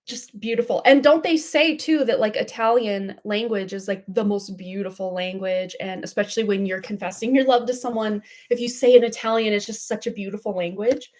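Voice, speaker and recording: A woman giving live tarot readings on a livestream, chatty and gushing, full of fillers and little laughs. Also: medium pitch. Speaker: tarot reader. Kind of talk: casual livestream chat.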